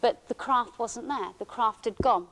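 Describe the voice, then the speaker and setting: A woman giving a conference talk, recounting a personal experience in a halting, emotional way with many restarts. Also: a little high, noisy background. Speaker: conference speaker. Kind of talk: first-person account given as a conference talk. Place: conference hall.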